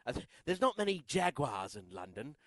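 A man sitting in as co-host on a sports radio show, lively and quick to laugh, stammering as he talks. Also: on the high side, dry recording, clean studio sound.

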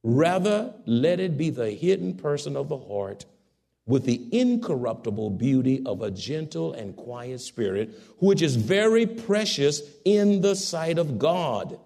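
Fervent preacher with a gravelly voice. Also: male voice, expressive, a little slow. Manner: fervent, swings from loud exhortation to soft, low asides. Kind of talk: sermon.

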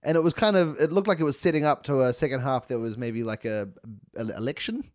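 A man's voice: mid-range voice, fast, a little mellow, dry recording. A man co-hosting a comedy podcast, with dry, wry asides that often trail off. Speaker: podcast co-host. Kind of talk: casual comedic chat.

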